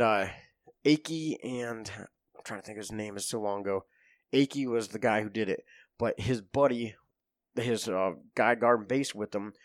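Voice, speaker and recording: A man's voice: medium pitch, dry recording. A man casually telling military stories, profane and laughing as he acts out what people said. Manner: profane, laughing storyteller who acts out quotes. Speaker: podcast guest, former Marine. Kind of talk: casual storytelling chat.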